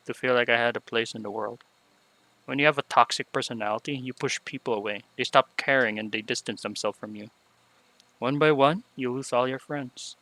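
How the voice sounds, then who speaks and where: A man's voice: medium pitch, no echo, poor audio. A man reading as a remorseful young unicorn mare. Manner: soft, subdued confessional reading. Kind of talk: reading game dialogue aloud.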